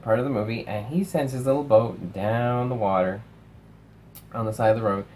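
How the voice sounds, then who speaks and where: A young man casually reviewing films, animated, swearing and acting out lines from movies. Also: medium pitch, normal speed, a little hiss or hum, poor audio. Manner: animated, swears, acts out quotes. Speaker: film reviewer.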